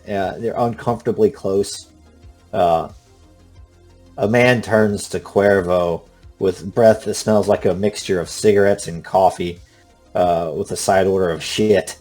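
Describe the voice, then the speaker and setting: A man narrating a tabletop role-playing game as game master, halting often with uh and um. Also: on the low side, a little mellow. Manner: halting, full of uh and um.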